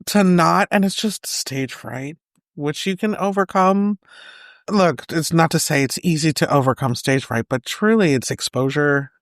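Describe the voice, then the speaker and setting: A woman's voice: low voice, measured pace, no echo, clean studio sound. Wry American woman guesting on a podcast. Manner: relaxed, wry and joking. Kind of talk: casual podcast chat.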